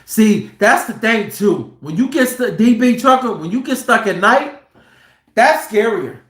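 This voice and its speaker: Animated truck driver man in an echoey room. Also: high-pitched, a little slow. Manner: animated, profane, acts out quotes loudly. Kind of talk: casual storytelling. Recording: roomy echo.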